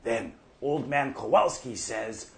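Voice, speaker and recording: An actor playing an older farmer off the drink who tells profane, folksy stories. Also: male voice, medium pitch, takes it slowly, gravelly, a bit bright, shouting. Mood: rambling. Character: older male prairie farmer off the drink, gruff storyteller. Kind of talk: monologue.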